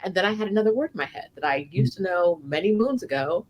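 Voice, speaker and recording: A woman co-hosting a casual chat, telling animated stories peppered with "like" and "right?". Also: on the low side, quick pace. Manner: animated storytelling with lots of "like" and "right?". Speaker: co-host. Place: home in Mexico City.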